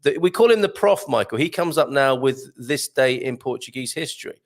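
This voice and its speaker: A man's voice: mid-range voice, expressive, brisk. A man hosting a live online morning show, chatting and jokily reading viewer comments aloud. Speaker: host.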